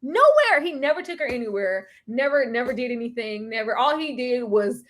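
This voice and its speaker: A woman hosting a casual livestream chat, animated and slangy, laughing often. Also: on the high side, a little fast. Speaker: livestream host.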